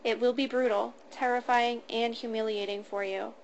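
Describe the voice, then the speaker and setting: Tearful young woman, as a woman narrator reads her, stuttering, fairly high voice, faint room hum. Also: fairly even intonation, normal speed, muffled recording, close to an everyday voice. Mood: frightened, resigned. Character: frightened young woman captive reading a statement. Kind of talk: storybook reading.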